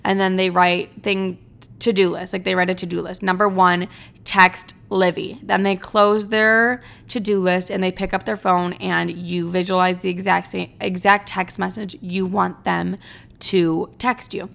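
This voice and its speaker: A woman's voice: on the low side, little pitch movement, a little slow, creaky, fairly bright tone. A young woman vlogging in casual chat, chatty and profane, mocking herself and saying "like" a lot.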